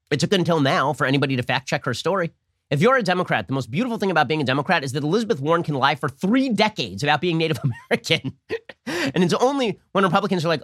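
A man's voice: on the high side, sing-song, fairly bright tone, no echo, clean studio sound. A man hosting a political commentary show, talking in a sarcastic, mocking monologue. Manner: sarcastic, mocking, rapid-fire.

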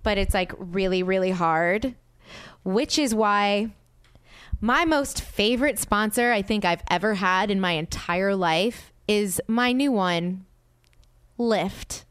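A woman podcast host telling an animated story in casual chat, peppered with "like" and acted-out quotes. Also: mid-range voice, slow, clean tone, dry recording, clean studio sound. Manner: animated storyteller, heavy use of "like"; acts out quoted dialogue with exasperation.

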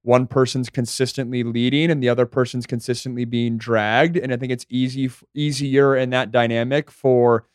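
A young adult man, a regular podcast guest, talking in a relaxed, reflective casual chat. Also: medium pitch, moderate pace, hardly any pauses, smooth, no room sound, studio quality. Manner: relaxed, reflective, explains his view.

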